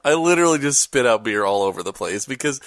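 A man's voice: mid-range voice, expressive, quick pace, fairly bright tone, no room sound. A young man hosting a podcast in casual, slangy chat, laid-back and wandering off on tangents. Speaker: podcast host.

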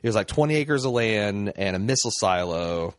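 A man with a low voice leads a rambling podcast chat, chuckling as he goes. The recording is dry and close, with no room around it. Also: animated, fairly quick, no room sound. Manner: rambling, chuckling, pompous senator parody. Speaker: podcast host. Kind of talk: casual chat.

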